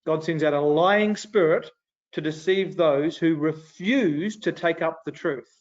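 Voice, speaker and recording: A man teaching an adult Sunday school class in a casual, animated way, retelling scripture conversationally. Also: a little high, unhurried. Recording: dull lo-fi recording.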